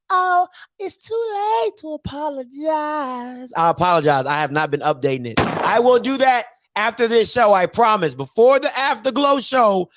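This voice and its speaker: A man hosting a live sports talk show, ranting in an animated, slangy, mocking way. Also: sits high. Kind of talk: live solo sports rant.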